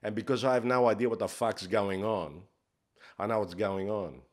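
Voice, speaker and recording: A man's voice: fairly low pitch, moderate pace, natural voice. A man playing a brash, crude life coach, swearing in a swaggering, mock-profound comic monologue. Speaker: comedy character host.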